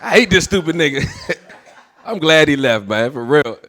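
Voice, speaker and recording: Male stand-up comic, brash and profane, bright voice, slightly high pitch. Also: lively intonation, moderate pace. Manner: brash, swearing, acts out voices in stories. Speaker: stand-up comedian. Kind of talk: stand-up comedy set.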